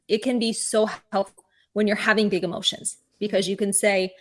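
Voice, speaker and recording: A woman therapist speaking as an interview guest, explaining advice clearly and repeating key phrases. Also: mid-range voice, brisk. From California.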